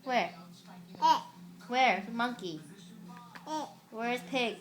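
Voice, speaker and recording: A woman's voice: fairly high pitch, extremely slow, a bit bright. A woman reading a picture book to a toddler at home, asking patient, repetitive quizzing questions. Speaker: parent.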